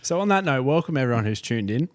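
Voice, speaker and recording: A man's voice: medium pitch, expressive, fast, no room sound, clean studio sound. Cheeky sweary Australian man. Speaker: podcast co-host. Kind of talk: casual banter.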